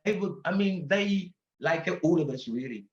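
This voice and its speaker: A man's voice: fairly high pitch, lively intonation, normal speed, a little mellow. A man in his sixties with an English accent, a guest telling stories animatedly in a casual interview, laughing often. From England. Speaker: guest singer. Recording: roomy, dull-sounding audio.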